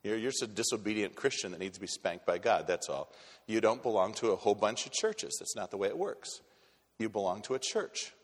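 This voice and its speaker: A man's voice: lowish voice, animated, fairly quick. A male pastor delivering a sermon in a church, speaking bluntly and conversationally and often restarting his sentences. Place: church sanctuary. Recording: long hall reverb in a church.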